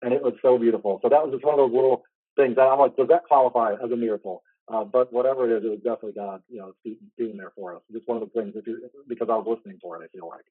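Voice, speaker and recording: Fast-talking man on a tinny line. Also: mid-range voice, fairly even intonation, no echo. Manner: earnest, rambling storytelling. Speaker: host. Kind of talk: personal faith story in interview. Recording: tinny phone-like line, dry.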